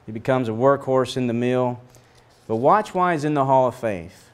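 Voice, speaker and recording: A middle-aged man teaching a Bible lesson in a lively storytelling way, acting out the voices of the people in the story. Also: moderate pace, clean tone. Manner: storytelling, acts out voices with big pitch swings.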